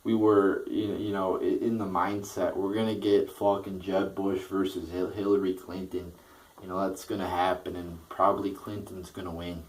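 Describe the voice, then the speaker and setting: Deep-voiced male vlogger, heated and profane, stumbling restarts, a bit off-mic. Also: flat delivery, moderate pace, a little mellow, far from the mic, poor audio. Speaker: political vlogger. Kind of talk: ranting political commentary.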